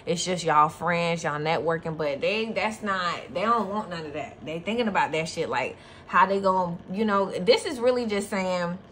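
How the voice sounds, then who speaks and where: A woman's voice: on the low side, normal speed, fairly bright tone, slight background noise. A woman with a Southern US accent giving a casual tarot reading, blunt and profane, laughing often. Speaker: tarot reader.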